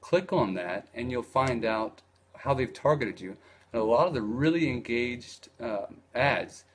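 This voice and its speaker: A man's voice: medium pitch, animated, a little slow, a little hiss or hum. A man hosting a casual live video on ads, talking loosely with many fillers and restarts. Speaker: host of a live video on online advertising. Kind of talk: casual live-stream talk.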